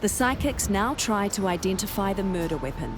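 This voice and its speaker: A woman giving scripted documentary narration in a measured, even way. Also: medium pitch, over music.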